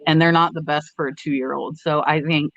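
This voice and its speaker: Bright chatty woman hosting a livestream. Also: deep voice, steady tone, moderate pace, no echo, muffled recording. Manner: rambling, chatty, reads out viewer comments. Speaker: livestream host. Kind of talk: casual live chat.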